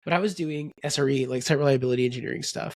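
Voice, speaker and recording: Co-animateur détendu, son sec. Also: male voice, medium pitch, racing, no room sound. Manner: relaxed, rambling with fillers. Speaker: podcast co-host. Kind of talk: casual chat.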